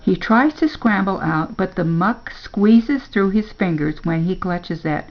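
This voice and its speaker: Slow gravelly older woman reading a story. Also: medium pitch, animated, lo-fi sound. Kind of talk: reading a children's story aloud.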